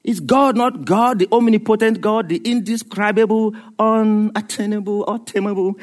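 Male preacher, high voice, lively rhetorical sermon delivery. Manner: animated, rhetorical, laughs at his own jokes.

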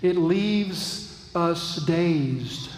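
A man preaching a sermon as pastor, earnest and reflective, with thoughtful pauses. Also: a little high, darkish tone, roomy sound, long reverb tail, poor audio. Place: church.

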